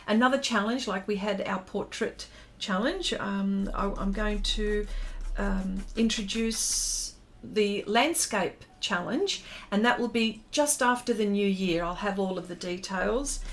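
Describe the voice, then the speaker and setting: A woman's voice: medium pitch, measured pace. Chatty woman hosting an art stream. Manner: chatty and heartfelt, many ums, reads out chat comments. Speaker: art livestream host. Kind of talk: casual livestream chat while drawing.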